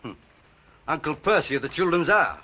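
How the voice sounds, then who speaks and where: An actor playing a brash, blunt man who keeps a lighthouse and speaks. He talks in a gruff, wisecracking way. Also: on the high side, sing-song, moderate pace, pushed and bright, heavily acted. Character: brash cocky male London lighthouse keeper. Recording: muffled 1930s film soundtrack.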